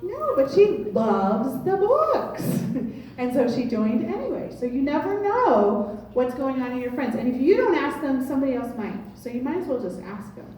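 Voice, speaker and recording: A woman team leader giving a motivational sales talk to a room, telling stories in an animated way, heard from far off. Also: sits high, moderate pace, heavy reverb. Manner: animated storytelling, laughs often. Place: meeting room with audience. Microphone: far from the mic.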